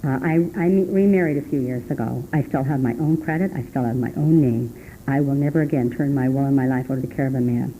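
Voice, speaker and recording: A middle-aged woman sharing her story at a recovery meeting, rambling and earnest, with many restarts and sudden laughing jumps in pitch. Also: fast, mellow, poor audio. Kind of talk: personal testimony talk. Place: meeting room. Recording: faint hum on an old tape recording.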